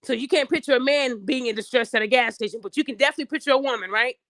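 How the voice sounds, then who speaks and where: Podcast host, young woman, AAVE, high voice, blunt and lecturing, dry close sound. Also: very fast, a bit bright, dry recording. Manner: blunt, preachy, addresses listeners directly, acts out quoted voices. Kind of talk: opinionated podcast monologue.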